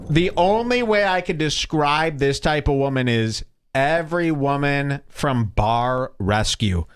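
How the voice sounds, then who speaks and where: A man's voice: fairly high pitch, animated, measured pace, clean tone, no echo. A middle-aged man hosting a podcast, giving crude comedic commentary and mocking people by putting on voices for them. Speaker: podcast host.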